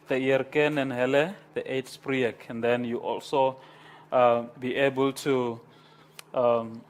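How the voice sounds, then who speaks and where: Slow-talking man lecturing. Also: mid-range voice. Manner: slow, repetitive, switches between English and Afrikaans, asks the class questions. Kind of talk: university lecture. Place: lecture room.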